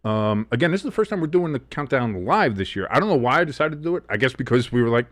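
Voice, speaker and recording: A man's voice: mid-range voice, very animated, fast, fairly bright tone, no room sound. Rambling, profane sports show host man. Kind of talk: casual live sports chat.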